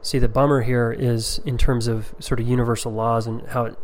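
A man's voice: medium pitch, little pitch movement, a little fast, slight background noise. Man teaching a class in a conversational way. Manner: conversational, with frequent ums and asides. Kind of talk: teaching a class on emotional repair.

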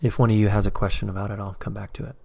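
A man's voice: fairly low pitch, little pitch movement, very fast, vocal fry, mellow, slightly rough. A man teaching a live online course, talking casually and acting out short example conversations as he explains. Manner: conversational, acts out dialogues. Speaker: course instructor.

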